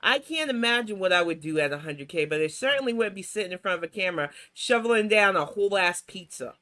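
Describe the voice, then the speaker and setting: Scornful, bright-voiced woman host. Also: mid-range voice, lively intonation, fast. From New York. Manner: blunt, scornful, mocking. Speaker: commentary host. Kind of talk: reaction commentary on clips.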